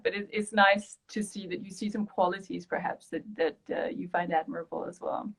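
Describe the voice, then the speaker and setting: A woman's voice: mid-range voice, fairly even intonation, normal speed, creaky, few pauses, husky. A woman from Denmark, hosting a casual online interview over a video call and giving lots of encouraging agreement. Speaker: host.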